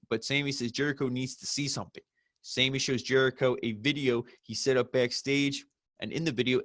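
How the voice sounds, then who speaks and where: A man's voice: mid-range voice, fairly bright tone, no room sound, clean studio sound. A young man casually recapping and reviewing a wrestling show, rambling with lots of fillers and acted-out quotes. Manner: rambling, loose, with many fillers and quoted asides.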